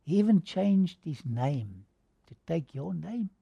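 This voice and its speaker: A man's voice: on the high side, very animated, slow pace, creaky, breathy edge, no room sound. A man preaching a sermon, posing rhetorical questions and telling a dramatic story to his listeners. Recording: dull lo-fi recording.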